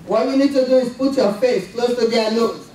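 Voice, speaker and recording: A man's voice: very high-pitched, normal speed, darkish tone. A man teaching CPR to a live class, repeating the key steps and checking in with "okay?". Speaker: CPR instructor. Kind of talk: live first-aid class. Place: large indoor conference hall. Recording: echoey hall from far off, faint noise.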